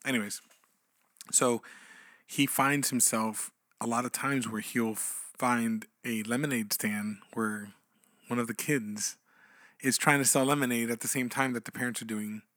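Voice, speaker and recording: A man's voice: medium pitch, steady tone, a little slow, fairly bright tone, no echo, clean studio sound. A man co-hosting a podcast, telling a long anecdote in casual chat with many restarts and asides. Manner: rambling, many restarts and "you know"s. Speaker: podcast co-host.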